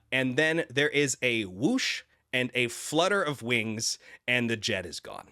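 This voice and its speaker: A man's voice: medium pitch, pushed and bright, clean tone, dry recording, clean studio sound. A man running a tabletop game as dungeon master, narrating casually with laughs and fillers.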